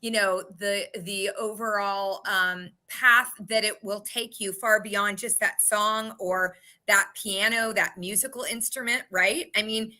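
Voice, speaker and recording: A woman's voice: medium pitch, steady tone, unhurried, few pauses, pushed and bright. A woman co-hosting an interview, gushing with praise and getting emotional. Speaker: co-host. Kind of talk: casual interview chat.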